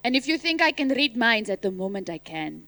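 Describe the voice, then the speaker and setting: A woman teacher leading a school assembly into a microphone, animated and teasing, quizzing the pupils and calling out loudly at times. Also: fairly high pitch, a little fast, dry recording.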